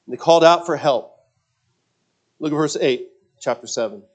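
A man's voice: on the high side, normal speed. A man preaching a sermon in a conversational way, restarting phrases and asking the congregation rhetorical questions. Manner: speculative, thinking aloud. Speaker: pastor.

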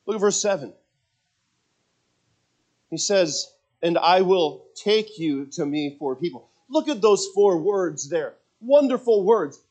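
A man preaching a sermon, moving from quiet personal storytelling to loud, emphatic preaching and reading scripture aloud. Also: high-pitched. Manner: reads scripture in King James wording. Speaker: pastor.

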